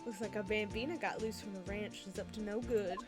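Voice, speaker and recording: A woman's voice: medium pitch, steady tone, fast talker, voice pushed down, natural voice. A woman voicing a swaggering male cowboy detective in a put-on Southern drawl, over video game music. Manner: lazy folksy drawl.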